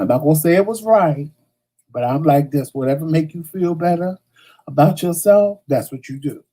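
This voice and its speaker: A man hosting a morning talk show, talking in a casual monologue that is blunt and animated, with slang and stuttered restarts. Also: a little high, poor audio.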